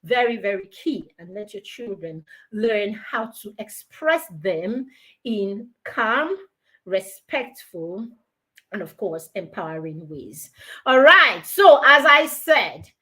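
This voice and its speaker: A woman giving a lively parenting talk, acting out parent and child dialogues as she goes. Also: mid-range voice, slow pace. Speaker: parenting mentor. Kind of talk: live online parenting talk.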